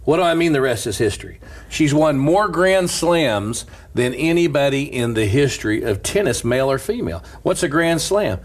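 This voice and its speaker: Husky, lively middle-aged preacher. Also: male voice, medium pitch, moderate pace. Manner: lively, laughs through stories, preacher's cadence. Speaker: pastor. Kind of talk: animated storytelling.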